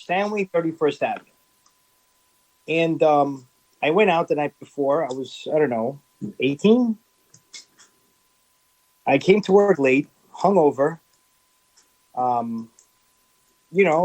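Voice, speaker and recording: Emphatic middle-aged man, slightly high voice. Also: lively intonation, a little slow, pauses often, darkish tone, poor audio. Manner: emphatic, repeats phrases, many restarts. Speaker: food business owner, guest. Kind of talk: casual interview storytelling.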